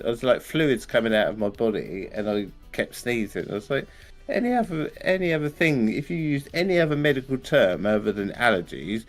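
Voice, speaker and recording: An adult man on a voice call during a live gaming stream, chatty and quick to laugh while telling stories. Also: mid-range voice. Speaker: guest co-player on a voice call. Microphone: headset on a voice call.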